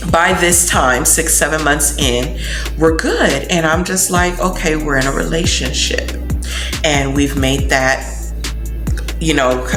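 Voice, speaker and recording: Brief: low-pitched woman, animated storyteller, roomy sound with music behind. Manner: animated, slangy, acts out quotes. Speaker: vlogger. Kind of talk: casual storytelling.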